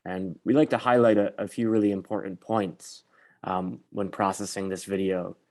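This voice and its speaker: Man, low voice, workshop facilitator, measured, filler-heavy, video call. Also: steady tone, a little mellow. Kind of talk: online training session.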